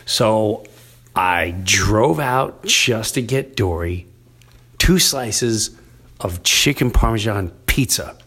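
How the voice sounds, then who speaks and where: A man's voice: lowish voice, takes it slowly, slightly rough. Middle-aged man telling a rambling family story. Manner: rambling, animated storyteller who acts out quoted family members. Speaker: podcast host. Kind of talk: casual storytelling chat.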